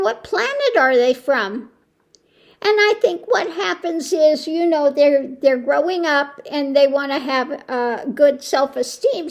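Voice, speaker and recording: A woman hosting her own channel, chatting casually at home in a rambling way, with many restarts and exclamations of disbelief. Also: high-pitched. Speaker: tarot channel host. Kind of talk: casual chat to camera.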